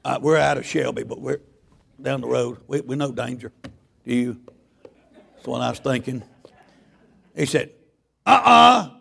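A man preaching a sermon in a church. He is a loud, folksy Baptist pastor who tells stories with stammering restarts. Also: medium pitch, little pitch movement, moderate pace, creaky, long pauses, breathy edge. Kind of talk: sermon with storytelling.

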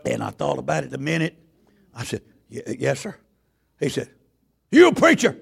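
A man preaching a sermon in a church. He is a loud, folksy Baptist pastor who tells stories with stammering restarts. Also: mid-range voice, moderate pace, creaky, slightly rough. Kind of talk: sermon with storytelling.

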